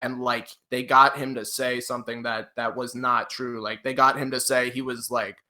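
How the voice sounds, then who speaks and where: A man's voice: medium pitch, little pitch movement, moderate pace, bright, forceful tone. A man co-hosting a podcast, chatting casually, full of filler words. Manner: filler-heavy, earnest. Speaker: podcast co-host. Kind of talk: casual chat.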